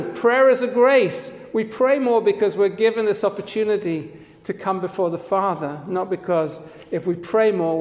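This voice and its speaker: A man's voice: high-pitched, long reverb tail. A man preaching a sermon as pastor, in an earnest, conversational way, with quoted readings woven in.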